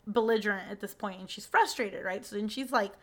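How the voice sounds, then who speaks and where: A young woman hosting a podcast, telling a story in casual chat, animated, full of fillers and swearing. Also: mid-range voice, brisk. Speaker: podcast host.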